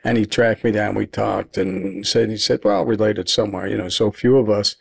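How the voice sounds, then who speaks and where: A man's voice: lowish voice, moderate pace, creaky, slightly rough. A man from Los Angeles hosting a casual podcast conversation in an easygoing, chatty way. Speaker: podcast host. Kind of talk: casual chat.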